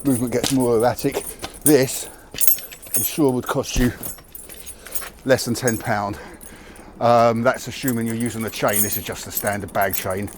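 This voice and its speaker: A man talks through a training drill outdoors in a plain, candid, unhurried way. His pitch sits in an ordinary middle range. Faint outdoor noise sits behind his voice. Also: fairly even intonation. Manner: plain, matter-of-fact, candid explanations. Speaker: martial arts channel host. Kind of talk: casual training demonstration to camera. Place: outdoors near a tree.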